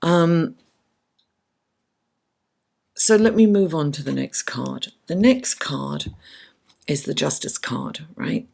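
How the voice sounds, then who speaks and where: Slow gravelly-voiced woman tarot reader. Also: low voice, lively intonation, a little mellow. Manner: chatty, affectionate, talks to the cards. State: losing her voice from the late hour. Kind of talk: casual tarot reading.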